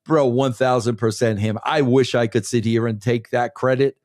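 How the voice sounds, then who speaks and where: A man's voice: mid-range voice, fairly even intonation, normal speed, a little mellow, dry recording, studio quality. A man being interviewed on a podcast, talking in an emphatic, rambling casual way and calling the host "bro" again and again. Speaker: former wrestling head writer, guest.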